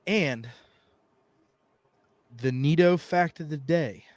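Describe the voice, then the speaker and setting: A man's voice: fairly high pitch, slow, no room sound. A man co-hosting a casual wrestling podcast, joking around and ribbing his co-hosts. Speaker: podcast co-host. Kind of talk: casual chat.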